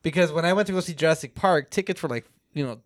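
A young man on a casual podcast who rambles through his points with curious asides and casual swearing. His voice is a touch higher than most men's. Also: fast. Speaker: podcast co-host. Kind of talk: casual chat.

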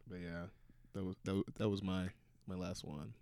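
A man's voice: deep voice, little pitch movement, moderate pace, vocal fry, dark tone, clear, resonant tone. A man co-hosting a podcast, telling stories in a loose, rambling casual chat with lots of fillers. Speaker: podcast co-host.

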